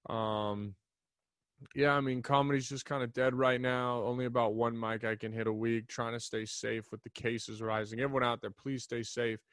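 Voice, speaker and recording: A man's voice: mid-range voice, level tone, normal speed, a bit bright, clean tone, no room sound. Young guy doing his podcast solo, rambly and swearing a lot, regular mid voice, dry close mic. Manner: rambling, loose and profane. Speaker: podcast host. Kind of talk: casual solo podcast chat. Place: small home studio. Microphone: desk mic in front of a camera.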